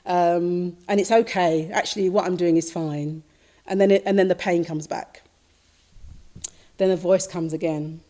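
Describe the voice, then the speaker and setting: Speaking at a fairly low pitch, a woman Buddhist teacher gives a dharma talk in which she slowly describes a dream. She repeats herself reflectively and leans on soft fillers.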